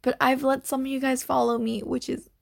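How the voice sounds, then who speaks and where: A woman's voice: high voice, little pitch movement, fairly quick, vocal fry, dry recording, clean studio sound. A young woman hosting her own unedited podcast, chatting in a scatterbrained, apologetic way. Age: young adult. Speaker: podcast host. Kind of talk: casual unedited podcast chat.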